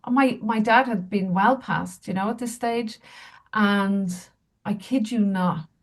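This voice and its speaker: A woman's voice: mid-range voice, unhurried. A woman, a healer and medium, telling candid, self-mocking stories as an interview guest. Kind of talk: casual interview storytelling.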